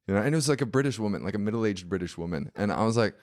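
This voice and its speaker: Man with a very low voice, podcast guest, animated casual storyteller. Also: racing, hardly any pauses. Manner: animated, many fillers like "like".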